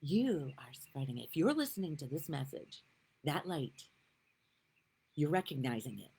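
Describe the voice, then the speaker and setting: A middle-aged woman giving casual spiritual talk to her viewers, gushing and laughing often, sometimes dropping to a soft whisper. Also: sits low, big pitch swings, normal speed, husky, poor audio. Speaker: spiritual vlogger.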